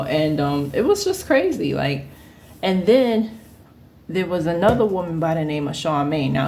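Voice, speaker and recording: A woman in her thirties telling a casual story, animated and often laughing as she acts out the people in it. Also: lowish voice, slight background noise. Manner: animated, acts out quoted voices. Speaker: vlogger.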